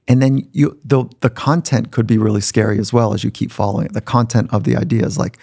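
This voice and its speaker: Man, low gravelly voice, mellow tone, reflective storyteller, dry close mic. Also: fairly even intonation, fast talker, hardly any pauses, dry recording. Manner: reflective, acts out quoted voices. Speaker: guest. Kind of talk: conversational storytelling. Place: podcast studio.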